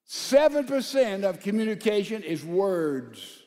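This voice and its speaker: A male pastor preaching a sermon to a large church congregation, calling out to the crowd and swinging between loud and soft. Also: high voice, animated, unhurried, in a large hall. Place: large church sanctuary with a balcony.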